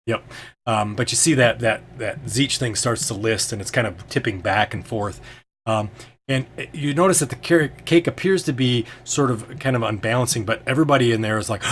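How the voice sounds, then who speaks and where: A man's voice: medium pitch, a bit bright, a little hiss or hum. A man as game master, narrating a tabletop game in a hesitant way with many ums and restarts.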